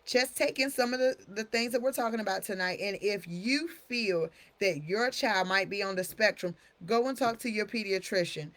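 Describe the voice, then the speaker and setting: A woman's voice: mid-range voice, normal speed, hardly any pauses, fairly bright tone. A woman hosting a live stream talk, chatty and familiar, calling her viewers honey. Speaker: host.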